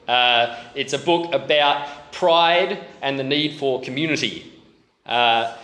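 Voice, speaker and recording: A man's voice: mid-range voice, sharp tone. A man preaching a sermon in a chatty, self-deprecating way, with many fillers and restarts. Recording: roomy echo.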